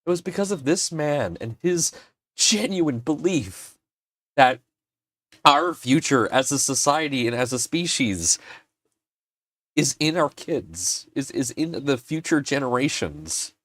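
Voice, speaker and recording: A man's voice: on the high side, takes it slowly. A man hosting a casual livestream, his voice swinging widely up and down as he tells a heartfelt story. He takes his time, lets emotion show, and throws in the odd curse word. The sound is dry and close, with no room echo. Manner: emotional, animated storyteller who swears and gets choked up. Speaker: livestream host.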